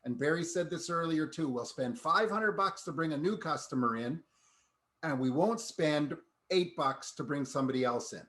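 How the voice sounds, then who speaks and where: A man hosting a panel discussion over video call, speaking in a relaxed, conversational way. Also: fairly high pitch, moderate pace. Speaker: host.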